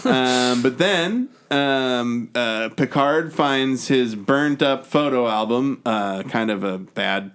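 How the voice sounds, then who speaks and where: A man co-hosting a podcast, recapping a movie in loose, profane chat with quick quoted impressions. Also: medium pitch, a bit bright, smooth. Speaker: podcast co-host. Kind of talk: casual chat.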